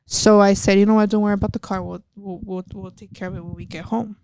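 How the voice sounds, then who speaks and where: A woman's voice: mid-range voice, fairly even intonation, fast, mellow, dry recording. A young woman from Texas, a professional wrestler, telling a personal story step by step in a candid interview. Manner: earnest, retelling events step by step.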